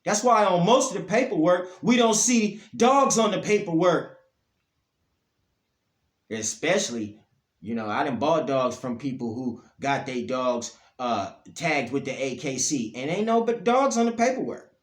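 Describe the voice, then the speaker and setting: A man, ranting bluntly about dog breeding, his voice swinging from low grumbles to loud outbursts. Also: expressive, unhurried, roomy sound. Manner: blunt, profane, heated, pitch and loudness swinging up and down. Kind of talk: ranting monologue to camera.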